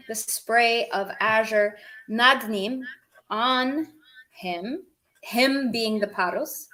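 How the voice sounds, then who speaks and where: A woman's voice: a little high, fairly bright tone, rough recording. A woman teaching a live-streamed language lesson, explaining words one at a time with chatty asides to her viewers.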